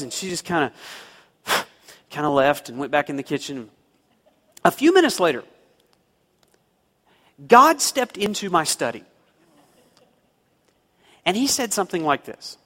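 A man's voice: sits high, bright, forceful tone, in a large hall. A man preaching a sermon, telling a homespun story and rising into emphatic pleas. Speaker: pastor.

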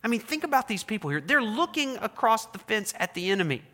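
A man preaching a sermon as pastor, swinging between quiet, low lines and loud, raised cries when voicing prayers. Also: big pitch swings, quick pace, big-room sound. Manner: preaching with dramatic voiced prayers, rising and dropping loudness.

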